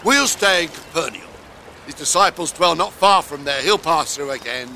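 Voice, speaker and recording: An actor playing a scheming, scornful man plotting in an animated Bible drama. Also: a little high, moderate pace, slight background noise, full character voice.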